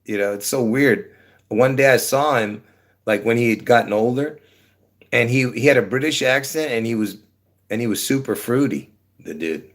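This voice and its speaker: Livestreaming from his apartment, a man rambles casually to his viewers in a medium-pitched voice at a moderate pace, trailing off often with plenty of fillers.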